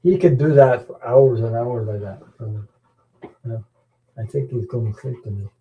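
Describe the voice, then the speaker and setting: A man's voice: mid-range voice, moderate pace, dull audio. A middle-aged man chatting casually as host of a live stream, rambling and chuckling, often repeating words. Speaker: tarot channel host. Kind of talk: casual chat.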